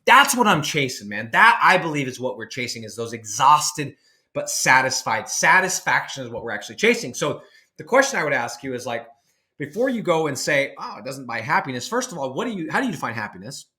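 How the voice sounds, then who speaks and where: A man's voice: medium pitch, big pitch swings, brisk, bright, forceful tone. A man in his thirties giving an emphatic, rambling motivational talk to camera, with many restarts. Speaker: online business coach.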